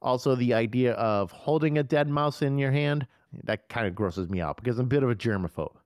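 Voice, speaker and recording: A man co-hosting a horror movie podcast who retells scenes in an excitable, profane, animated way. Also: mid-range voice, a little fast, clean tone, dry recording, clean studio sound. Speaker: podcast co-host. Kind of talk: casual movie review chat.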